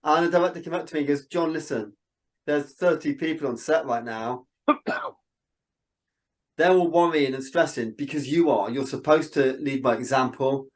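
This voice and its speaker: A man, a filmmaker guest in a casual interview, telling animated stories and acting out what people said. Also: fairly high pitch, normal speed. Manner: animated storyteller, quotes people in dialogue.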